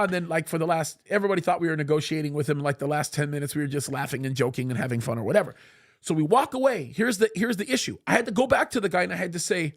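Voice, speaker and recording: Male studio host, high voice, animated storyteller who acts out dialogue. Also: very fast. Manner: animated, acts out quoted speech. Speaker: show host.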